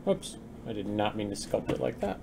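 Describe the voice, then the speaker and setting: Low-voiced man chatting on a dev stream. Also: very animated, normal speed, vocal fry. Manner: chatty, reads chat aloud and mutters while working. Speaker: game developer streamer. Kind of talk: casual live-stream chat while working. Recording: faint noise with keyboard typing.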